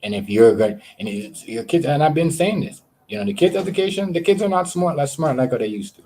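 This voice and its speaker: A man's voice: on the high side, expressive, brisk, mellow, a little hiss or hum. A man chatting casually on a livestream, rambling and swearing, often repeating words as he talks to his viewers. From Canada. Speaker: live streamer.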